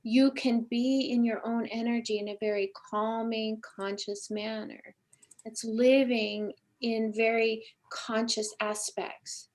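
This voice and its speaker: A woman's voice: fairly high pitch, little pitch movement, slow pace, a little mellow. A woman hosting a spiritual talk show, effusive and coaching in tone. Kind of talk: casual chat.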